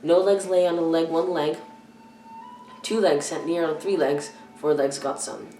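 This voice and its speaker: A young woman reading the part of a timid but clever little hobbit in a plain, hurried read-aloud voice. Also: low-pitched, mellow, soft background music. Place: church hall. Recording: echoey room, far from the mic.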